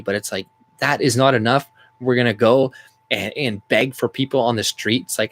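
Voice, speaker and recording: A man's voice: mid-range voice, a little fast, fairly bright tone. A man who rants about politics in a heated, rambling way and swears often. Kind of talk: angry political rant vlog.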